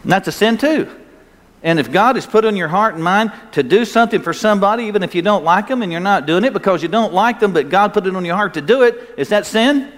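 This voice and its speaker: A man's voice: high voice, lively intonation, fast, fairly bright tone. An older male pastor preaching a sermon in a folksy, emphatic way, his voice rising on key points. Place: church sanctuary. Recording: long hall reverb, faint ambience.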